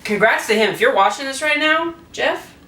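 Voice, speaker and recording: A man's voice: extremely high pitch, lively intonation, normal speed, sharp tone, distant mic. Rambling tipsy man, echoey room. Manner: rambling, slurred, crude, laughing. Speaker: host. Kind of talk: drunk comic retelling of a play.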